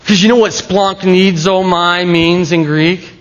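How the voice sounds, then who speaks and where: A man's voice: sits high, fairly even intonation, a little slow, dull audio. A man preaching a sermon in a conversational, playful way, often stopping and restarting his sentences. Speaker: pastor.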